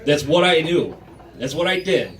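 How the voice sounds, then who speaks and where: A young man doing stand-up, telling a long personal story in a conversational, deadpan way with many filler pauses. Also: a little high. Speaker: stand-up comedian. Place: comedy club stage before a live crowd. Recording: echoey room, mic from a distance, crowd audible.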